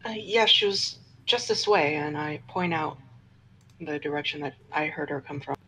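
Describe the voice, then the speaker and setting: A woman's voice: low-pitched, normal speed, pushed and bright, a little hiss or hum, poor audio. A woman playing a tabletop game, speaking politely with hesitant fillers. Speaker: player.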